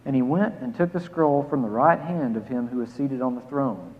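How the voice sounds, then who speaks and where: A man pastor reading scripture, preaching and leading a prayer, emphatic on key phrases and dropping soft to pray. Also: mid-range voice, normal speed. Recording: phone-like sound with long hall reverb.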